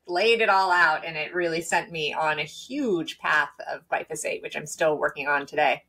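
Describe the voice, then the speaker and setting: A woman guest in a conversational interview, telling her story in a lively way with restarts and laughs. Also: fairly low pitch. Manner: animated, quick, with laughs and restarts.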